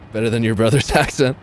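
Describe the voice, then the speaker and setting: A man's voice: mid-range voice, a little hiss or hum. A young man commenting on a live tank game stream, swearing, sarcastic and chatting with viewers.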